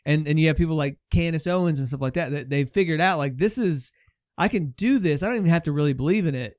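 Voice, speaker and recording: Animated man in his forties, dry close mic. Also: on the high side, quick pace, no room sound. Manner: animated, opinionated, frequent restarts. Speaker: podcast co-host. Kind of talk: casual podcast chat.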